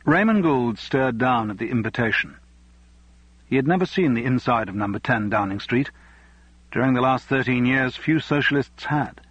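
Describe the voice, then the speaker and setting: Husky male audiobook narrator. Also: medium pitch, animated, moderate pace, fairly bright tone, no room sound, muffled recording. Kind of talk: scripted narration.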